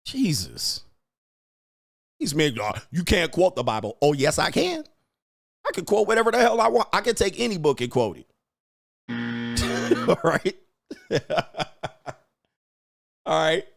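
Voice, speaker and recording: A male show host rants through casual livestream commentary, brash and profane. His voice sits a little high for a man and leaps up and down with lively inflection. He keeps a combative, defiant edge and laughs often between lines. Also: slow pace, vocal fry, long pauses. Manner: frequent laughter.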